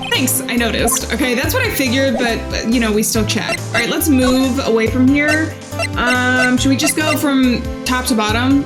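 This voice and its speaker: A woman's voice: on the high side, normal speed. Woman musing through a game playthrough. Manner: musing aloud, hesitant with ums. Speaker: gamer playing through a game. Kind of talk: casual let's play commentary. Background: game music.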